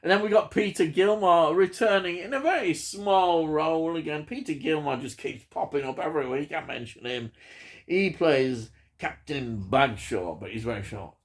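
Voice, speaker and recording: A man's voice: on the high side, normal speed. A man chatting casually about a film, enthusiastic and rambling, often chuckling. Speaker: film reviewer. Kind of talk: casual film review chat.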